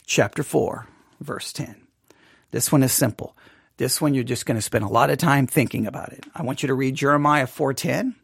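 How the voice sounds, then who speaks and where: A man's voice: mid-range voice, moderate pace, gravelly, breathy edge, dry recording, studio quality. A man teaching a Bible study class, thinking aloud and asking many rhetorical questions.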